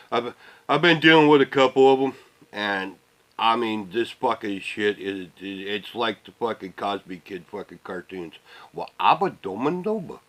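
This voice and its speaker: A middle-aged man ranting casually to the camera, rambling and swearing, often trailing off into low mutters. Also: pushed and bright, poor audio. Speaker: vlogger.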